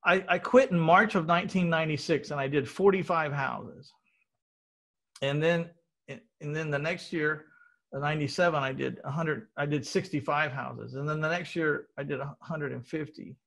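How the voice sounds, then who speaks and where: A middle-aged Texan podcast host tells his own story in casual conversation, earnest and a bit rambling, often restarting sentences. His voice is slightly high for a man and a little bright, with vocal fry, fairly even intonation and a moderate pace.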